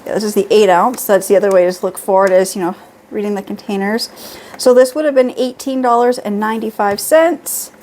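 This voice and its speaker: A woman's voice: mid-range voice, fairly even intonation, a little fast, darkish tone, a little hiss or hum. A middle-aged woman chatting casually at home through a beauty haul, reading prices and labels aloud. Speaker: beauty vlogger.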